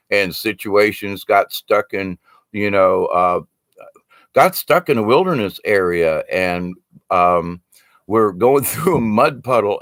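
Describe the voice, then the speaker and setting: A man's voice: fairly low pitch, a bit bright, no room sound, clean studio sound. An older man telling casual stories about his teachings, rambling and laughing often, with casual swearing. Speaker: speaker on shamanism. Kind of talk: casual storytelling talk.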